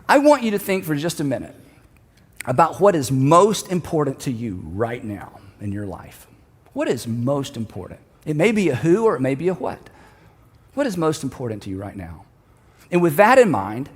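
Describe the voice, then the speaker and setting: Earnest high-voiced male pastor preaching. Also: big-room sound. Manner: earnest, storytelling, leads congregation in call-and-response. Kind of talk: sermon.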